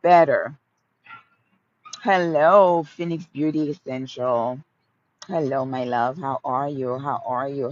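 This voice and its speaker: Slow-talking woman in her fifties, live from a park. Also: low voice, a little mellow, lo-fi sound, slight background noise. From Haiti. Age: 50s. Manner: affectionate, repeats phrases, greets viewers by name. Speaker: livestream host. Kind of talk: casual live chat answering viewers. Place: outdoors in a sunny park. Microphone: phone livestream.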